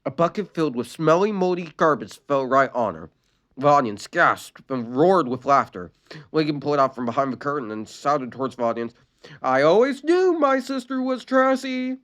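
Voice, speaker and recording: A storyteller reading a fan-written sad story aloud, expressive and stumbling on a few words. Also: medium pitch, brisk.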